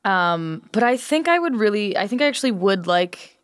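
A woman's voice: medium pitch, very animated, moderate pace, smooth, no room sound. Woman podcast co-host, candid and wry, dry close-mic sound. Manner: candid, wry, lots of fillers. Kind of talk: casual chat reviewing videos.

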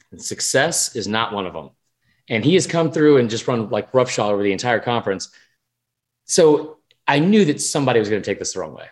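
A man co-hosting a sports podcast, talking in a rambling, animated, profane way. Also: mid-range voice. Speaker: podcast co-host. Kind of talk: casual sports chat.

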